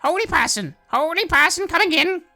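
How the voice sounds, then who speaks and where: A game master voicing a spindly little demon imp who cackles and taunts in a shrill, mocking voice. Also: animated, fairly quick, bright, forceful tone, soft background music, full character voice. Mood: gleeful taunting.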